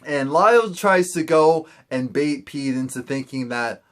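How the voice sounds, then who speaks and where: A young man casually recapping a TV episode, quickly acting out the characters in quoted asides. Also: medium pitch. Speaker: TV recap host.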